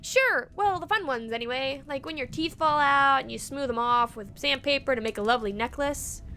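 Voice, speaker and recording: A woman voicing a rowdy, cheeky male monster hunter with a put-on Australian-English accent, talking loud and slangy. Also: high voice, moderate pace, a little hiss or hum. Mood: jolly.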